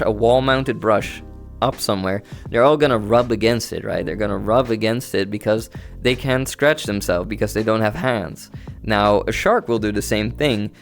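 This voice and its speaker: Easygoing man chatting on a stream. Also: medium pitch. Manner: easygoing, rambling, talks to chat. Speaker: livestreamer. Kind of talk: casual stream chat with viewers. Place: home streaming setup, playing in VR. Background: faint background music.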